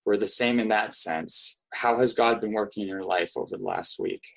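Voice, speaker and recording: A man's voice: fairly low pitch, moderate pace, gravelly. A man interviewing a friend in a casual talk, dry and blunt, with hesitant restarts.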